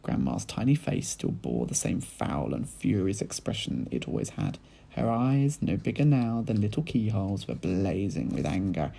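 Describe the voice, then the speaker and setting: Teacher guy reading to kids, lively up and down, gravelly husky voice. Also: fairly low pitch, normal speed, poor audio. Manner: animated storytelling, addressing children. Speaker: primary school teacher reading aloud. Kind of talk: children's audiobook reading.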